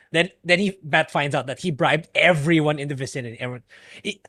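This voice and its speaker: A man's voice: a little high, brisk, fairly bright tone. A man co-hosting a podcast in casual chat who laughs easily and searches for words. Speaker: podcast co-host.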